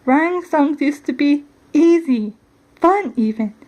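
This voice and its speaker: A woman narrates a homemade doll storybook in a casual, stumbling reading style. Her voice sits high, and she often repeats and corrects herself. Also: animated, measured pace, a little mellow, rough recording.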